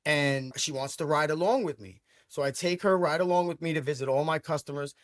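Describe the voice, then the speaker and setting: Energetic New man telling his story. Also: fairly high pitch, brisk, no room sound, studio quality. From Brooklyn, New York. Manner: energetic, emphatic, repeats words when starting phrases. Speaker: franchise owner guest. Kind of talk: storytelling interview.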